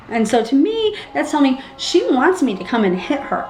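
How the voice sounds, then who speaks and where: A young pregnant woman vlogging casually, animated and acting out what people said with big jumps in her voice. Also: brisk, few pauses. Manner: animated, acts out quotes with big pitch jumps. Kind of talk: casual storytelling vlog. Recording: echoey room with faint background hum.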